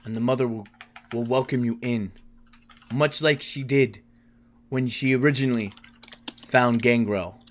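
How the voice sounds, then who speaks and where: A man's voice: mid-range voice, fairly even intonation, unhurried, pauses often, a little hiss or hum, lightly acted. A man voicing a solemn male vampire harbinger who preaches in an intoning way.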